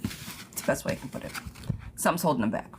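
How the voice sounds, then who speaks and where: A woman's voice: very deep voice, animated, quick pace, very noisy. A woman giving yes-or-no tarot readings on a livestream, chatting casually as she reads viewer questions aloud and thanks commenters. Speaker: tarot reader.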